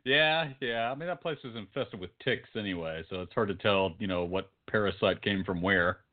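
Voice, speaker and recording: Male co-host, sleepy dry humor, mid-pitched, phone-like sound. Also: normal speed. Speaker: podcast co-host. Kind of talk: casual comedic banter.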